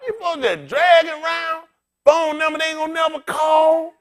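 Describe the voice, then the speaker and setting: The voice is very high and at normal speed: an older, bald pastor joking around and talking straight to the congregation. His sermon is animated, humorous and conversational.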